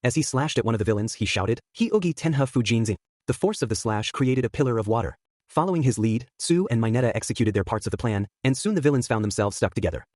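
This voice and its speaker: A man reading a fan story aloud at a quick clip, with his voice rising and falling. The sound is dry and close, and his pitch sits in an ordinary male middle. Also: lively intonation, a little mellow, no echo. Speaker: fan fiction reader. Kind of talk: storybook narration.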